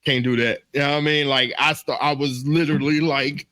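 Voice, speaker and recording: A man co-hosting a comedy podcast, telling a story in an animated, laughing way and acting out his own panicked voice. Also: on the high side, fairly quick, dry recording. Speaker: podcast co-host.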